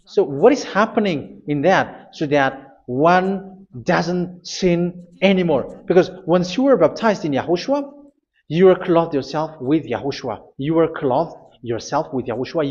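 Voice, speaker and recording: A male preacher with a voice pitched a little high, pressing his points again and again and stumbling over restarts as he goes. The recording sounds dull and lo-fi. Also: unhurried, a little mellow. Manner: insistent preaching with repetitions and hesitations. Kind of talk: sermon.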